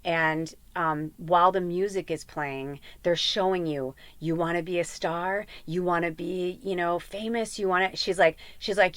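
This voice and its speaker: A woman's voice: on the low side, a little slow, few pauses, a bit bright, no room sound. A middle-aged woman hosting a casual tarot reading podcast, talking in a rambling, heartfelt way full of fillers and asides. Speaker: tarot reader and podcast host.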